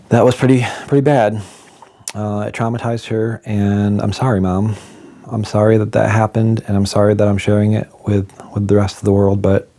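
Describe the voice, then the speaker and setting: A man in his forties telling a painful personal story in a candid, reflective way, pausing often with fillers. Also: on the low side, warm tone. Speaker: vlogger.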